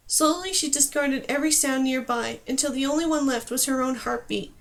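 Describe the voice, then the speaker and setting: A woman narrating a fantasy audiobook with expressive storytelling. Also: high-pitched, fairly quick, creaky.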